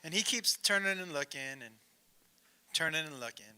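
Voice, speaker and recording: A man doing stand-up storytelling on stage, animated and profane, laughing through his punchlines. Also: a little high, normal speed. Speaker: stand-up comedian.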